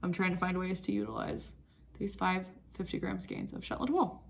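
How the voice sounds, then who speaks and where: Vlogging from home about knitting, this young woman talks casually and rambles, easily getting sidetracked. She speaks at a normal pace in a fairly low, gravelly voice that is very animated.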